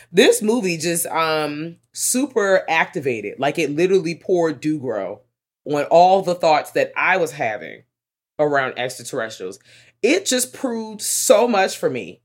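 A podcast co-host in a casual movie review chat, talking in an excitable, profane, rambling way. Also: mid-range voice, unhurried.

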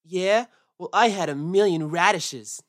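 A woman's voice: lowish voice, unhurried, voice pushed down, close to an everyday voice. A woman voicing a timid young boy rabbit with a whiny, anxious voice in a storybook. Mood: bickering.

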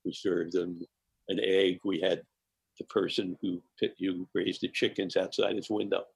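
An older man telling animated anecdotes as a podcast guest, often laughing between phrases. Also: sits low, normal speed, gravelly, breathy edge. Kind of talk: storytelling in a podcast interview.

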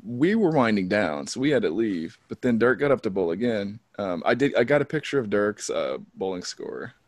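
A man's voice: on the low side, normal speed, no echo. A man tells a story on a podcast, his voice rising and falling a lot as he laughs his way through it. The sound is dry and close, with no room around it. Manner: animated storytelling, laughing often. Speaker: podcast host. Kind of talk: casual podcast chat.

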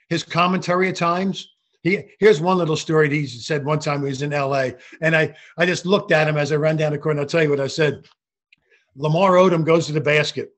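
An older man, a retired basketball referee, telling animated stories from his career in an interview. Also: on the high side. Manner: animated anecdotal storytelling with frequent restarts. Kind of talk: storytelling interview.

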